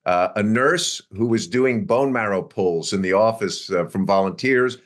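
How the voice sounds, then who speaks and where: An older man in his sixties tells a story from his career as an interview guest, with a voice that sits a little low. He acts out what people said along the way and slips in small laughs. He keeps the telling easy and conversational. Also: a little slow. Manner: animated anecdote-telling with acted-out quotes and chuckles. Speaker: interview guest, biotech executive.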